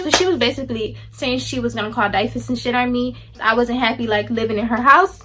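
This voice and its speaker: A woman's voice: on the high side, steady tone, fast talker, hardly any pauses, noisy background. A young adult woman telling a personal story to her viewers, blunt and profane, acting out the people she quotes. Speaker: vlogger. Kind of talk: storytime chat to camera.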